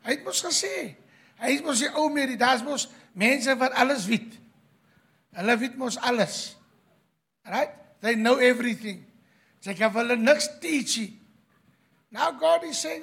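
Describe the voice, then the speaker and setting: A South African man preaching a sermon, mixing Afrikaans into his English and swinging from quiet asides to loud declarations. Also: extremely high pitch, a little slow, vocal fry, pauses often, husky.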